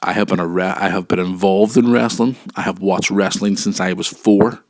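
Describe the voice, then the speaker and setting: A man hosting his own wrestling podcast from home, talking earnestly and with emphasis, often repeating himself and getting excited. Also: low voice, normal speed, no echo, clean studio sound. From United Kingdom. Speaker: podcast host. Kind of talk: solo wrestling podcast talk. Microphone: home podcast mic.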